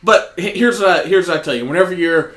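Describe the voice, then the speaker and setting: A man's voice: high voice, fast. A man from the American South, a podcast co-host telling a rowdy retail story in casual, profane chat. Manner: profane, animated storyteller acting out quotes. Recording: echoey room.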